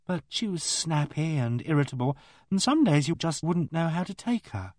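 A man's voice: fairly high pitch, very animated, normal speed, a little mellow, no echo, studio quality, pitched above the performer's own voice. A male reader voicing a kindly young woman who chatters earnestly and fusses over others.

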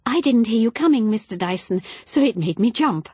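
A woman's voice: on the high side, animated, normal speed, darkish tone, breathy edge, dry recording, voice pushed up. A woman voicing a cheerful young hostess who answers lightly and politely. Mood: bright.

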